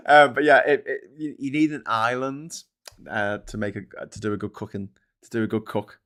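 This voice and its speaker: A man's voice: mid-range voice, fairly quick. A man hosting a live stream, talking in a casual, sweary, rambling way that keeps drifting off topic. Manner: sweary, rambling, easily sidetracked; excitable when thanking viewers. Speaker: livestream host.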